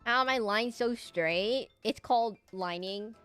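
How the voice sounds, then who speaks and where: A woman's voice: fairly high pitch, a little slow, fairly bright tone, smooth, soft background music. Rambling young woman art streamer. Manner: rambling, self-deprecating, chatty. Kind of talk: casual chat while drawing live.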